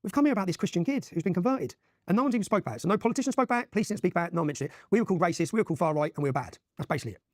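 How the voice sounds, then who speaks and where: A man in his forties with an English accent, pouring out his account at a breakneck pace. His voice sits somewhat high for a man and stays emphatic throughout, with frequent "yeah?" tags. The sound is close and dry. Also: lively intonation, very fast, no echo. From England. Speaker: interview guest. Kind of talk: impassioned storytelling in a podcast interview.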